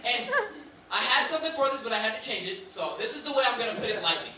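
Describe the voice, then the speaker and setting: High-voiced young man doing stand-up. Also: fast. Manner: animated storytelling, jumps into shouts and laughing asides. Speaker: stand-up comedian. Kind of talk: stand-up set. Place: live comedy venue. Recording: echoey distant room mic, loud crowd and noise.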